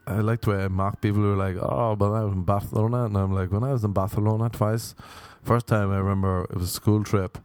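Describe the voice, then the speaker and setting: A man's voice: fairly low pitch, flat delivery, fast, few pauses, a little mellow, clear, resonant tone, dry recording. An Irish man telling rambling, profane comic stories in a wry, offhand way. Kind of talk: casual comedic monologue.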